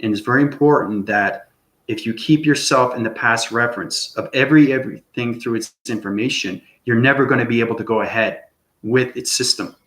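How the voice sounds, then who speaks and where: Speaking quickly in a mid-range, fairly bright voice, this channel host rambles through an off-the-cuff spiritual talk. "Okay?" caps many of his lines, and the space around him echoes.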